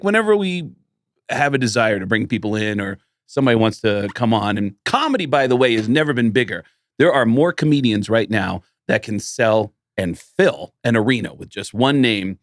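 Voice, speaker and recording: A middle-aged man, a comedian co-hosting a podcast, chatting casually and telling stories with lively put-on voices. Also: no room sound, clean studio sound. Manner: animated, jumps into high quoted voices when retelling stories. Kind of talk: casual chat, storytelling.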